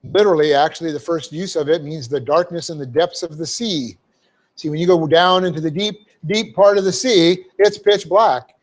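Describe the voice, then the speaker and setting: In a church hall, a middle-aged pastor with a slightly high voice teaches a Bible passage word by word at a moderate pace. His verse-by-verse sermon is full of "okay?" check-ins and homely asides.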